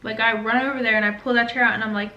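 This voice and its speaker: A woman's voice: on the high side, steady tone, very fast, bright, forceful tone, reverberant, highs cut off. A woman casually telling a story as a storytime vlogger, chatty and swearing, with lots of "like" fillers.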